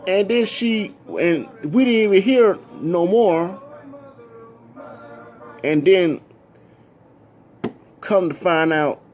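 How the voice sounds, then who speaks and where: A man casually telling a story from his past, animated and full of repeated "I'm like" asides. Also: high voice, very slow, pauses often, soft background music.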